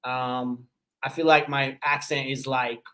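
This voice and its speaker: A man with an Australian accent softened by his parents' Seychellois English, talking at an ordinary middle pitch. He hosts a casual livestream, relaxed and conversational, reading out viewer comments and answering with easy laughs. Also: measured pace. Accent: Australian, mixed with his parents' Seychellois English. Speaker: livestream host.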